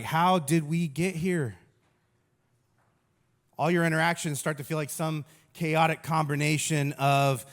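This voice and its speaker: A pastor in his thirties, speaking at medium pitch, delivers a humorous sermon. He tells his stories in an animated, self-mocking way.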